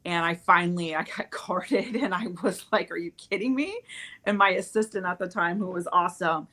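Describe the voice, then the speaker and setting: Woman volleyball coach, bright voice, animated storyteller, casual chat. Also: on the low side, moderate pace. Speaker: volleyball coach and podcast host.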